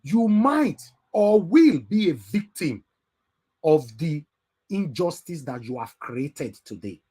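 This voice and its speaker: A man with a Nigerian Pidgin English accent hosting an online call-in show, lecturing in a preachy way that rises to loud emphatic bursts. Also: a little high, sing-song, takes it slowly, breathy edge. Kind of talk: impassioned live talk show.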